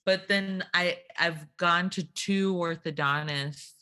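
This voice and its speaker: A woman in her thirties trades casual talk on a podcast. She speaks slowly with a bright, clear tone. She laughs easily, and her phrasing is loose and drawn out. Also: fairly low pitch, fairly even intonation. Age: 30s. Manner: giggly, drawn-out, laughs often. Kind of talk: casual chat.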